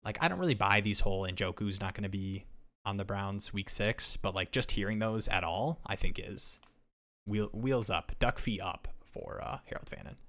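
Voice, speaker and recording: A man co-hosting a casual live fantasy football stream, reading viewer questions aloud and talking fast with lots of restarts. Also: on the low side. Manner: energetic, reads viewer comments aloud, many restarts. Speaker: podcast co-host. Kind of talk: casual livestream chat.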